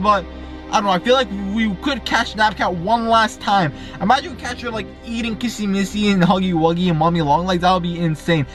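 A young man vlogs in a hyped, slangy voice that sits fairly high for a man. He repeats himself and keeps things casual. Faint music plays in the background. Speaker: vlogger. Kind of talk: excited casual vlog.

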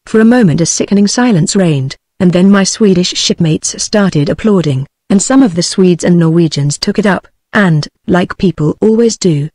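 A text-to-speech female voice with a British English accent, narrating an audiobook in an even, machine-read manner. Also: lowish voice, dry recording.

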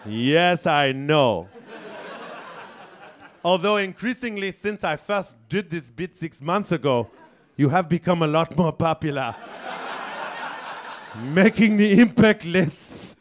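A man voicing a smug, bigoted male elephant with a South African accent, talking in slow, stiff, deadpan admissions. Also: a little high.

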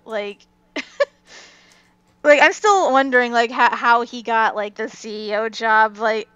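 A woman's voice: fairly high pitch, a little slow, fairly bright tone, clean tone, dry recording. A woman co-hosting a casual fan discussion podcast, chatty and giggly, saying "like" a lot. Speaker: podcast co-host. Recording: dull, dry lo-fi mic.

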